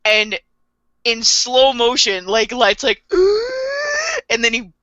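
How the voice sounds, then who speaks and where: A woman's voice: on the high side, steady tone, measured pace, sharp tone, clean tone, no echo, highs cut off. A woman co-hosting a casual podcast, recapping an anime with frequent giggles and acting out characters' lines. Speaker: podcast co-host.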